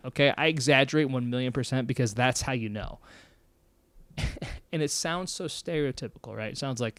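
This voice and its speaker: A man hosting a mental health show, talking casually to his viewers in an energetic, emphatic way and laughing often. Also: medium pitch, moderate pace, no room sound. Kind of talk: casual monologue to camera.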